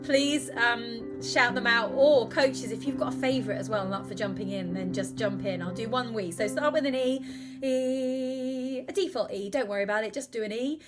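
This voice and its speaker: A woman hosting a live online vocal warm-up class, chatting, asking for requests and guiding the group through exercises. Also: on the high side, brisk, over music. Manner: friendly, chatty, invites requests, guides exercises. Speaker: host and vocal coach.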